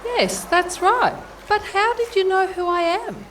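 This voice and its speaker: A woman voicing a sweet fairy godmother angel who talks slowly in a sing-song way, in a comedy skit. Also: very high-pitched, fairly bright tone, a little hiss or hum.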